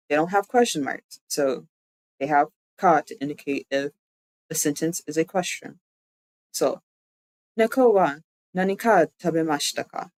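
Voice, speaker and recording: A VTuber streamer giving a live-streamed language lesson, explaining step by step and repeating words slowly. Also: medium pitch, no echo, poor audio.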